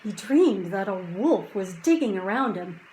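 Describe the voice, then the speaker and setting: A woman reading a children's chapter book aloud, slow and hushed at quiet moments and lifting her voice for drama. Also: mid-range voice, very animated, a little hiss or hum, poor audio. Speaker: audiobook reader.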